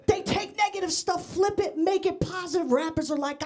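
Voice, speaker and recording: A middle-aged Mexican-American woman from Mexico performs a brash, bawdy stand-up set on a comedy club stage, holding a handheld mic and talking straight to the live crowd. Her very high voice moves at normal speed and sounds a little mellow, over a noisy audience full of laughter.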